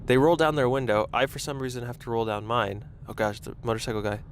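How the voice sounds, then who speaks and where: With faint road noise behind him, a young man talks through his podcast from the driver's seat in traffic using a lapel mic. His mid-range voice stays steady in tone and moves at a quick pace as he rambles self-consciously in this casual solo chat.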